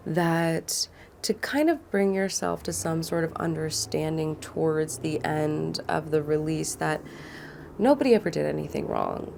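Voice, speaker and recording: A woman in her thirties talking through an emotional healing practice in a soft, earnest, casual way, sometimes dropping to a whisper. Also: low-pitched, vocal fry, slight background noise. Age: 30s. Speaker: wellness guide. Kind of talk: casual guided teaching.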